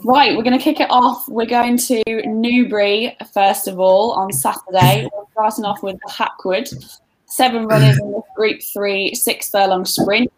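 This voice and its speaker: A woman's voice: medium pitch, fairly even intonation, normal speed, rough recording. A woman with a Birmingham accent hosting a racing podcast, chatting in a friendly way and reading out runners and odds. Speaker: podcast host.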